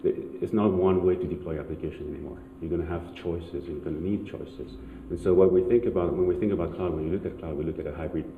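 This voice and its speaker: A man's voice: deep voice, fairly even intonation, fast. A man speaking as a guest in a conference fireside chat, fluent business talk with restarts. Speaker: guest, engineering executive. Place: conference stage. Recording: roomy hall on a tinny, noisy line.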